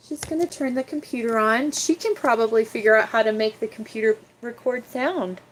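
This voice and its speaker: A young woman chatting casually on her livestream, often cooing at her cat in a soft baby-talk voice. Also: on the high side, a little fast, few pauses, a little hiss or hum. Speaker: livestream host.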